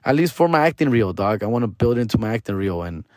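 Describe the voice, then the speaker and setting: A man's voice: fairly low pitch, sing-song, fast talker, a little mellow, no echo, studio quality. A man hosting a comedy podcast, telling a rambling story full of street slang and repeated restarts. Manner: slangy, rambling, calls the listener dog and fool. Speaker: podcast host.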